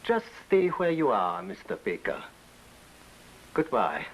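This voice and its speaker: An actor playing a polished, coldly courteous communist official who interrogates a prisoner, in 1950s TV drama style. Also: male voice, on the low side, huge pitch swings, slow, breathy edge, full character voice, low-quality recording. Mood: smooth. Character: suave menacing communist official, male.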